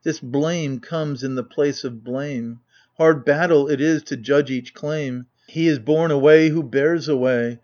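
A man's voice: mid-range voice, darkish tone, lo-fi sound, natural voice. A man reading the lines of a chorus of old elders in a grave, formal verse recitation.

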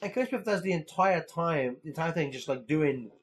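A man's voice: a little high, expressive, fairly quick. A young man co-hosting a podcast in casual chat, rambling with lots of fillers and swearing. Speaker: podcast co-host.

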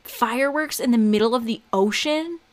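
A woman's voice: on the high side, normal speed. A woman co-hosting a casual chat who laughs often and acts out voices in her stories. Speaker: podcast co-host.

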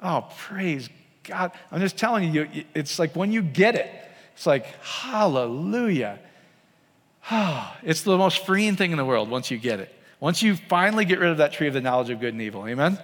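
A man's voice: on the high side, expressive, fast talker, hardly any pauses, long reverb tail. A man preaching a sermon in a casual, conversational way, often checking in with his listeners by asking them questions. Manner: conversational, asks the congregation frequent questions.

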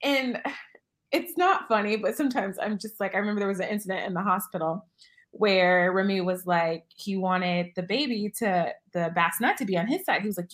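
Young woman on a podcast, mid-pitched voice, tells stories, laughs a lot. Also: brisk. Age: young adult. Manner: lively, laughing storyteller. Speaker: podcast co-host. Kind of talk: casual storytelling.

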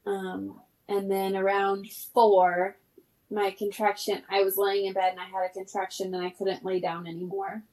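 A woman's voice: medium pitch, level tone, moderate pace, darkish tone. A woman in her thirties, a podcast guest telling a story in casual chat, laughing often and using many fillers.

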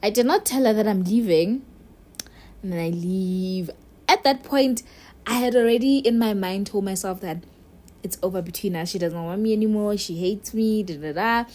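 A woman's voice: medium pitch, moderate pace, mellow. A young adult woman telling a personal story to her viewers in a chatty, candid way, talking straight to the listener. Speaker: vlogger. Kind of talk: casual storytelling to camera.

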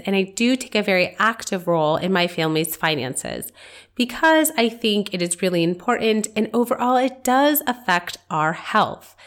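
A woman speaks through a stuffy, nasal head cold as she hosts her own podcast. Her delivery is casual and candid, full of personal asides. She is a physician talking to her listeners one-on-one. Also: medium pitch. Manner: chatty and candid, personal anecdotes. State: congested. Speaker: podcast host. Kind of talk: casual solo podcast talk.

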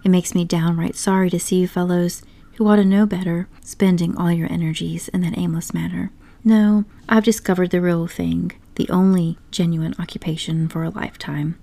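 A woman voicing a boastful, excitable male toad in an audiobook story, talking grandly and pushily. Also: fairly low pitch, normal speed, creaky. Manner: grandly enthusiastic, pushy.

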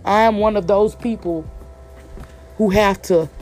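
A woman from the Southern United States, her voice mid-range and somewhat dark, rants directly to camera in an emphatic, exasperated vlog. She deliberately slows down and stresses each word so it lands clearly, with faint music playing underneath.

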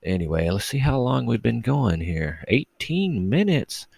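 Man, deep voice, gravelly, rambling solo podcast, profane, dry close sound. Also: expressive, moderate pace, a little mellow, no room sound, poor audio. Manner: rambling, profane, self-mocking. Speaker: podcast host.

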